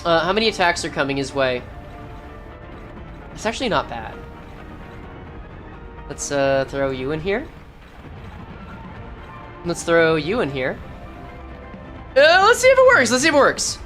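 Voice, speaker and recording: A woman's voice: fairly low pitch, very animated, a little slow, pauses often, fairly bright tone, faint music behind. A woman streamer giving casual gameplay commentary, thinking aloud and correcting herself as she goes. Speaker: game streamer.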